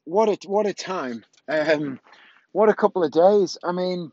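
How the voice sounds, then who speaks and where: A man's voice: high-pitched, a little slow, darkish tone, lo-fi sound. Candid rambling man on an earphone mic. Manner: rambling, candid, self-correcting. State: has the hiccups. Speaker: vlogger. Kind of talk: candid personal vlog.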